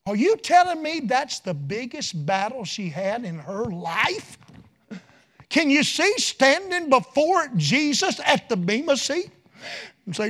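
Man, middle-aged, revival preacher, high-pitched, folksy storytelling, loud peaks. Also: sing-song, slow pace. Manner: folksy, swings between soft asides and loud shouted peaks.

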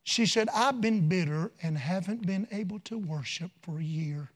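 A middle-aged man preaching a revival sermon full of stories, folksy and rising from quiet asides to loud shouted peaks. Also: sits high, normal speed.

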